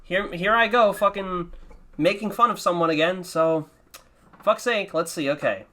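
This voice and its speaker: A man's voice: sits high, moderate pace, sharp tone. A man hosting a casual commentary, talking in a profane, self-mocking, rambling way. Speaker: podcast host. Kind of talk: casual commentary on his old videos.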